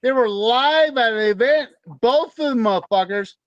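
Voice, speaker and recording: A man's voice: very high-pitched, lively intonation, moderate pace, no echo, highs cut off. Podcast co-host, male, heated storyteller, swears in every line, dry close sound. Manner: heated, swearing constantly, ranting. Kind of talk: profane casual storytelling.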